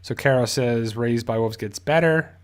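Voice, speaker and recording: A man's voice: medium pitch, moderate pace, smooth. A man hosting a live stream, reading viewer questions aloud and answering in a loose, rambling way full of fillers and restarts. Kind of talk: casual live stream chat.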